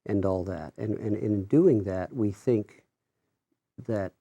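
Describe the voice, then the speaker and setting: Deep gravelly minister guy, stops and restarts a lot, dry close sound. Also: dark tone, no room sound, lo-fi sound. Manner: halting, many restarts. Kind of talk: conversational theological discussion.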